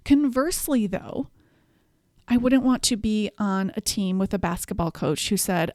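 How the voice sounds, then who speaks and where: A woman's voice: medium pitch, expressive, moderate pace, a little mellow, no echo, studio quality. A woman hosting a self-help podcast, walking through numbered tips in an encouraging coaching tone. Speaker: podcast host.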